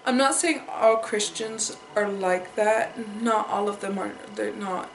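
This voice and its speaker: A woman's voice: mid-range voice, slow pace, roomy sound, slight background noise, poor audio. A young woman talking in an emotional personal vlog, upset and repeating herself as she holds back tears. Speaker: vlogger.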